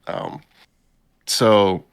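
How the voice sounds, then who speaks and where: A man hosting a podcast, casually recapping an anime episode in a laid-back, slangy way and jumping up in pitch to quote the characters. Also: drawn-out words. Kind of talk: casual chat.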